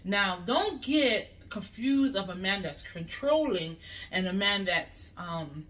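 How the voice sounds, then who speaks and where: A woman's voice: medium pitch, lively intonation, takes it slowly, a bit bright. A woman vlogger giving relationship advice in a casual, chatty way, often checking in with "you know what I mean" as she talks it through. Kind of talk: casual advice talk to camera. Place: bathroom. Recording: voice a bit far from the mic.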